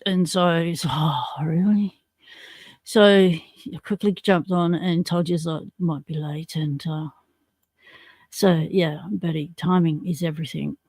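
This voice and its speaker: A woman's voice: lowish voice, steady tone, a little slow, a little mellow, dry recording. An Australian woman hosting a livestream, chatting in a casual, slangy way as she greets viewers and reads out their comments. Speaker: livestream host.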